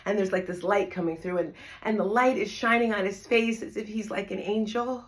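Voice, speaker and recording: A woman's voice: mid-range voice, fairly even intonation, a little fast. A middle-aged woman from New Jersey, a fitness instructor, telling a personal story to an audience in a conversational, emphatic way, often checking in with "right?". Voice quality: emphatic, repeats phrases for effect. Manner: conversational, asks "right?" to listeners.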